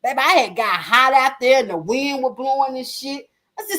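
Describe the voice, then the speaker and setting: A woman in her forties hosting a livestream, telling stories to her viewers in a frank, loud, laughing way. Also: high-pitched, moderate pace. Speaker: livestream host. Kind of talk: casual chat with viewers.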